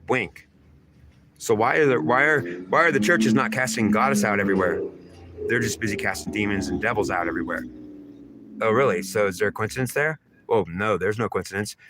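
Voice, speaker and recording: A man's voice: fairly low pitch, bright, forceful tone, a little hiss or hum. A man delivering a rambling, repetitive spiritual monologue in an emphatic, stream-of-consciousness way. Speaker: channeler giving spiritual messages.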